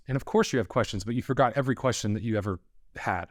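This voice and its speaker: A man's voice: fairly low pitch, rapid-fire, no echo. Young man, podcast monologue, rambling, self-deprecating, acts out dialogue, dry close sound. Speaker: actor sharing his experiences.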